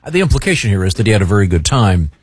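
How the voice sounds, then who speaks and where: Male radio co-host, husky, lively pitch, dry mock-formal letter reading, close dry mic. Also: rapid-fire, no room sound. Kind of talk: casual radio banter, reading listener letters.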